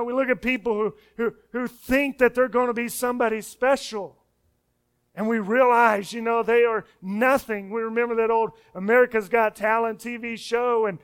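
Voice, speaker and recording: A man preaches a sermon in a high, smooth, clear voice. He pushes his points with emphasis and repeats words as he speeds up. Key phrases fall away into a soft hush. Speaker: pastor.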